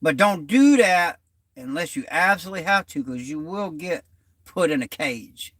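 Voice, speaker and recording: A man's voice: fairly high pitch, expressive, moderate pace, a bit bright, no echo. A middle-aged man, hosting his channel and telling rambling, slangy stories in casual talk. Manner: loose, rambling storytelling in Southern-style slang. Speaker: channel host.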